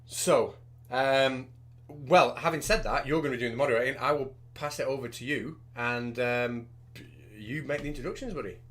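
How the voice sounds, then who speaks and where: A man's voice: mid-range voice, normal speed, a bit bright. A man hosting a debate livestream, chatty and rambling, with a self-deprecating manner. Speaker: debate host.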